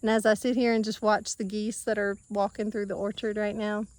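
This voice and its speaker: A woman's voice: mid-range voice, flat delivery, fairly quick, darkish tone. A woman talking in a heartfelt monologue, emotional and gushing, laughing often and restarting her sentences. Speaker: homesteading vlogger. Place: outdoors at a farm orchard.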